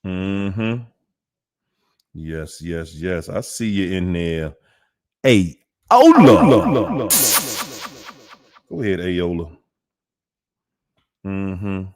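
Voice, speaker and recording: A man hosting a livestream Q&A, greeting viewers one by one in a drawn-out hype-man manner with sudden whoops. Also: deep voice, steady tone, noisy background. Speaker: livestream host.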